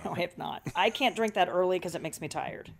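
A woman co-hosting a radio show, chatty and quick to laugh, talking into a studio mic. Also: fairly low pitch, gravelly. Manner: chatty, laughs easily, defensive when teased. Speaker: radio co-host. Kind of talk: casual radio banter.

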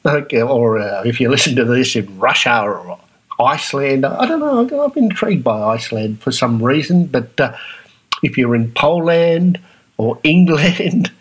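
Australian male podcast host, husky timbre, casual and animated, acts out voices. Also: measured pace, poor audio. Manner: animated, acts out other people's reactions in a higher voice. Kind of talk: casual monologue.

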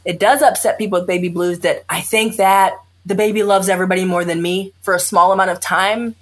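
A woman with a medium-pitched, fairly quick voice speaks candidly as a guest in an interview. She is an OB-GYN, and her manner is blunt, animated and sarcastic, often acting out what her patients say.

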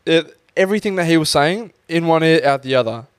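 A man's voice: on the high side, fairly quick, clean tone, no echo. A young man, co-hosting a casual podcast and telling a story with lots of swearing and acted-out quotes. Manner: animated, swears freely, acts out quotes. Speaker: podcast co-host.

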